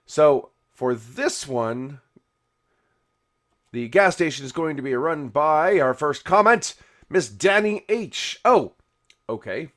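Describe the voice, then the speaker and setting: A man hosting a YouTube game video chats casually while building and answers viewer comments, rambling with lots of "you know" and restarts. His voice is on the high side, animated and a bit bright, with slow delivery and long pauses.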